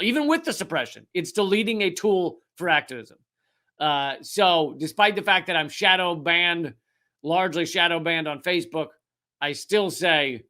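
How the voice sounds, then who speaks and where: A man delivering a comedic political monologue to the camera, sarcastic and profane, full of rambling asides. His voice sits a little high for a man and has a bright, sharp edge. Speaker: host of a political comedy commentary show.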